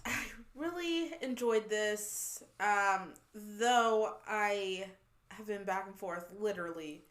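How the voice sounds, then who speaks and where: A woman's voice: mid-range voice, slow, fairly bright tone. A woman co-hosting a book podcast, giving her opinion of a novel in a hesitant, back-and-forth way. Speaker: podcast co-host. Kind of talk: casual book discussion.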